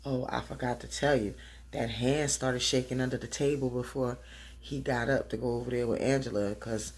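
A woman's voice: rumbling low, fairly even intonation, normal speed. A middle-aged woman recapping a TV episode in a chatty, slangy way, dancing around while she talks.

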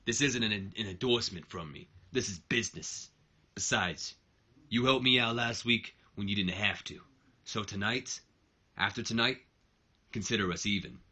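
A man's voice: on the low side, normal speed, pushed and bright. A man voicing a brash male pro wrestler who talks in a curt, dismissive way.

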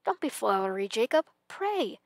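A woman voicing an anxious old male miser in a storybook reading, faltering and pleading, her pitch climbing when he begs. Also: big pitch swings, moderate pace, dry recording, studio quality.

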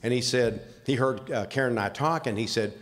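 A man's voice: medium pitch, fairly quick. An older man with a Southern US accent, speaking at an awards ceremony in a plainspoken, folksy storytelling manner. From Southern United States. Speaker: award recipient speaking for his wife. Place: large convention hall. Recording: reverberant hall sound.

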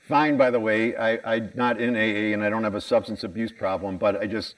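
A man's voice: lowish voice, fairly even intonation, moderate pace, recorded from a distance, poor audio. An American man giving a conference keynote talk, candid and self-mocking, asking the audience questions. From United States. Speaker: conference speaker. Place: conference hall stage.

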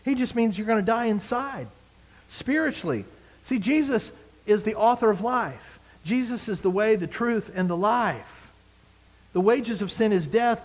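A man's voice: high voice, rough recording. A man preaching a conversational sermon as a pastor, emphatic and fond of repeated phrases. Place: church service.

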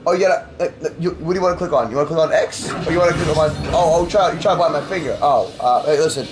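A young man hosting a gaming channel, loud and playful, teasing and yelling at his puppy during gameplay commentary. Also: a little high, rapid-fire.

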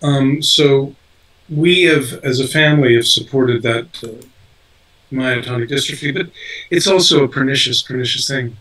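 An older man, an actor guest in an interview, talks casually in a mid-range voice at a moderate pace. His tone is bright and forceful, and he rambles with lots of fillers and restarts. He sits far from the mic, and the recording is low quality.

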